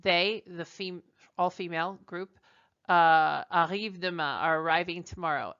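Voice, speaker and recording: A woman's voice: on the low side, measured pace, fairly bright tone, clean tone. A woman teacher giving a language lesson, explaining step by step and translating each example. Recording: dull lo-fi recording.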